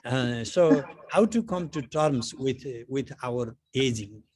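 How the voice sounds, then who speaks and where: A man's voice: mid-range voice, lively intonation, slow pace, a little mellow. A middle-aged man, a spiritual teacher, giving a conversational philosophy lecture full of anecdotes and "you know" fillers.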